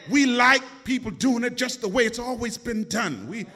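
A man's voice: very high-pitched, normal speed, pushed and bright. A man preaching a sermon, dramatic and emphatic, calling out questions to his congregation. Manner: dramatic, call-and-response, emphatic.

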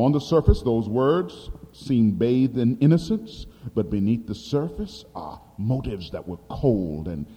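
A man preaching a sermon dramatically, swinging between loud emphasis and quiet asides, recorded in a reverberant hall. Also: mid-range voice, breathy edge. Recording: long hall reverb, from a distance.

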